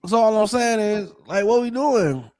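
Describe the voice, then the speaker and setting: A man co-hosting a podcast, giving casual political commentary in an animated, profane way full of rhetorical questions. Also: sits high, moderate pace. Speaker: podcast co-host.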